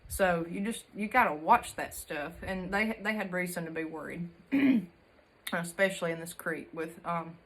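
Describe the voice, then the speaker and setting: A woman's voice: fairly low pitch, moderate pace, a bit bright. A young woman from Alabama with a Southern accent, telling country childhood stories to her viewers in a chatty, folksy way. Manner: chatty and folksy, uses country sayings and laughs often. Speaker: homesteading vlogger. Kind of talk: casual storytelling to camera.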